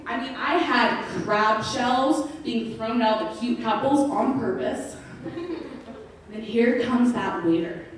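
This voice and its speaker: A young woman doing a stand-up comedy set, animated storytelling with acted-out quotes, recorded from a distant camera in a club. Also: on the high side, takes it slowly, a little hiss or hum. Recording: echoey venue heard from far off.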